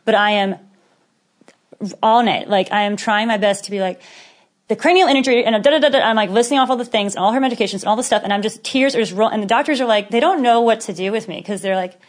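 A woman in her thirties, a podcast guest in casual conversation, telling stories with lively acted-out quotes and frequent laughter. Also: medium pitch, quick pace. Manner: animated storyteller who acts out quotes, laughing often.

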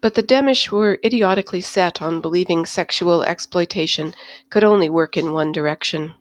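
A woman narrating a science-fiction novel in a steady, measured storytelling manner. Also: on the low side, poor audio. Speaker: audiobook narrator. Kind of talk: scripted narration.

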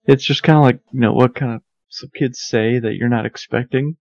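A man's voice: medium pitch, fairly even intonation, fairly quick, vocal fry, a little mellow, dull audio. A man guesting on a podcast, telling an amused story in a laid-back way, with "like" in many sentences. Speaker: podcast guest, teacher's spouse. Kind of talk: casual podcast chat.

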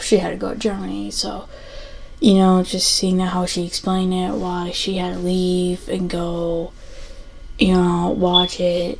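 A woman's voice: on the low side, creaky, a little mellow, low-quality recording. A young adult woman hosting a casual solo podcast, rambling with lots of fillers and restarts. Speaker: podcast host.

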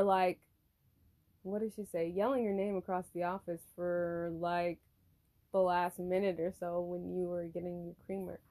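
A woman's voice: lowish voice, fairly even intonation, normal speed, mellow. A woman hosting a podcast, telling a workplace story as an exasperated rant full of swearing. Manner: profane, exasperated, heavy swearing. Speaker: podcast host.

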